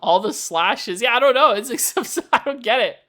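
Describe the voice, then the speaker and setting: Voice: mid-range voice, animated, normal speed, fairly bright tone. Rambling young-adult streamer. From Canada. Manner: rambling, chatty, reacting to chat. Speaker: livestreamer. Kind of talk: casual live-stream chat.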